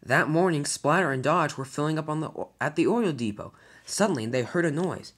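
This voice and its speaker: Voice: mid-range voice, lively intonation, brisk, hardly any pauses, a bit bright. A storyteller narrating a homemade toy-train adventure, with frequent slips and restarts.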